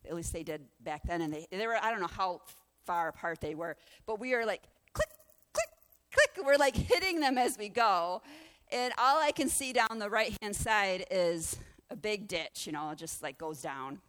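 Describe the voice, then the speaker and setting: A woman pastor preaching through a lively personal story, acting out the voices of the people in it. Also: mid-range voice, moderate pace, clear, resonant tone. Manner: animated, acts out the voices in her story. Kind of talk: sermon storytelling.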